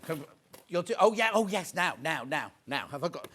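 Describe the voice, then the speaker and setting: A British man presenting on a TV shopping channel, chatty and excitable as he counts down stock and jokes with the crew. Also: on the high side, normal speed, a little hiss or hum. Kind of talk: live TV shopping sales patter. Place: TV studio.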